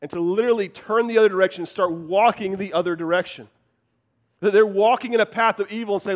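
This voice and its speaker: A man's voice: high-pitched, fast. A man preaching a sermon in an earnest, conversational way, often restarting words. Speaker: pastor.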